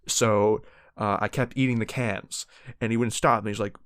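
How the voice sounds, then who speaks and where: A man's voice: on the low side, fairly even intonation, moderate pace, clear, resonant tone, no room sound. A young man from Canada, a podcast co-host, improvising a silly story in a rambling, joking way with many restarts.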